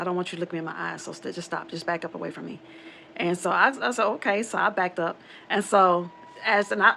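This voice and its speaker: A woman with a low, gravelly voice tells a spooky true story about her family in a loose, rambling way. She circles back on herself and slips into quoted back-and-forth dialogue as she goes. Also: fairly bright tone, slight background noise. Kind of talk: casual spoken true story.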